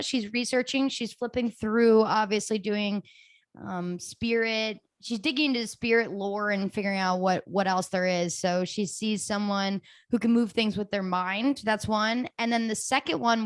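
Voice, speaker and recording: A woman co-hosting a casual TV recap podcast, chatty and quick to laugh. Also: on the high side, fairly even intonation, no echo. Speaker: podcast co-host. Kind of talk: casual chat.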